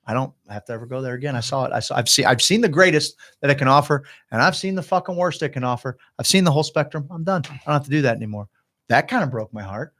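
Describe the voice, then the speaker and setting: A man's voice: on the high side, lively intonation, fast, a bit bright. A man on a podcast telling a long, emotional story, swearing heavily and acting out his own past thoughts. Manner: heavy swearing, emotional and rambling. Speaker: podcast guest.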